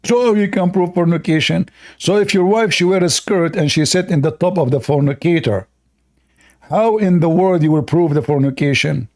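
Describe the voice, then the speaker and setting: Mocking host. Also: male voice, on the high side, normal speed, darkish tone. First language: Arabic. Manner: mocking, sarcastic, repetitive. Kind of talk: polemical debate commentary.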